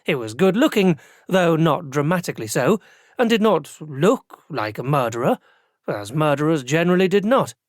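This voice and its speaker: A man narrating a first-person fantasy audiobook in an even, dry storytelling manner. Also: a little high, normal speed, no echo.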